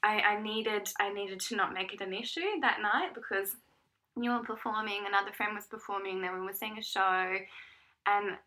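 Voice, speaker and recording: A woman's voice: medium pitch, normal speed, rough recording. A woman in her thirties, frankly telling a personal story in casual chat as a co-host. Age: 30s. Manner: frank storytelling, lively and animated. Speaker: podcast co-host.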